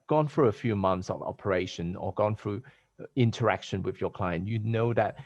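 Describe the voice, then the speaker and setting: Speaking over a video call, a podcast host with a lowish, slightly mellow voice chats casually, rambling and hesitating with many restarts. The recording is dry.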